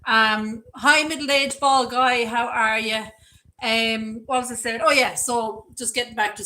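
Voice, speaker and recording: Bright-voiced chatty Irish woman. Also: fairly high pitch, low-quality recording. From Ireland. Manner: chatty, greets viewers by name, rambling. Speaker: livestream host. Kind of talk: casual live-stream chat, reading viewer comments.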